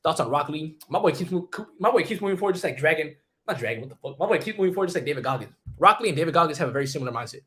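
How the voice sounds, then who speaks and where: Young guy streamer, high voice, rapid slangy chat banter. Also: animated. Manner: fast, loud slang-heavy banter, reading chat questions. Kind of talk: casual livestream chat.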